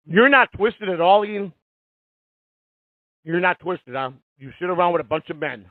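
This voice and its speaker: A man's voice: high voice, no echo. A man in his fifties hosting a live call-in radio show, ranting in a profane, heated, confrontational way. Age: 50s. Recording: tinny phone-like, dry sound.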